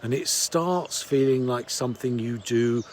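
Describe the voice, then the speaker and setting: A man who coaches sales, giving a reflective storytelling talk in a measured way that trails off softly at the ends of phrases. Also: medium pitch, a little hiss or hum.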